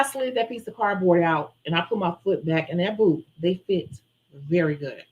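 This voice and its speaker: A woman who runs a nail-tech channel, chatting casually on a live stream and telling a story in an animated way. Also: on the low side, slow pace, pauses often, poor audio. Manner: chatty, animated storyteller who acts out her own quotes.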